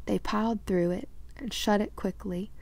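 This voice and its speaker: A woman reading a children's fantasy novel aloud, lively and correcting small slips as she goes. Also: mid-range voice, moderate pace, gravelly. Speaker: audiobook reader. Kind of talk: storybook read-aloud narration.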